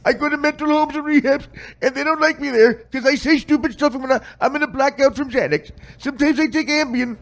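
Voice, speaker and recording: A man voicing a rambling, drugged-out, grieving older grandmother from Florida with a rough, drawling Southern US accent that slips into bad grammar. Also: very high voice, brisk, voice pushed up. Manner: repetitive, rambling.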